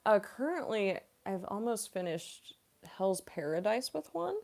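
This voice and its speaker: A woman's voice: medium pitch, very animated, unhurried, gravelly, a little mellow. A young adult woman, a voice actress, chatting casually on a live-stream Q&A, giggly and full of "like" fillers.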